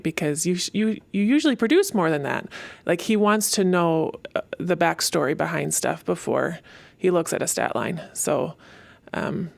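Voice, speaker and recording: A woman assistant coach talking warmly and loosely about her head coach, with plenty of fillers. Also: lowish voice, lively intonation, moderate pace, gravelly, few pauses, no room sound. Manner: heartfelt, rambling with fillers. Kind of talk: casual chat.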